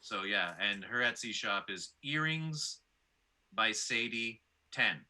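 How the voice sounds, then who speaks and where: A middle-aged man, a stand-up comedian, chatting as a guest in dry, self-mocking deadpan with hesitant fillers. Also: on the low side, slow pace. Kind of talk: deadpan self-deprecating comic chat.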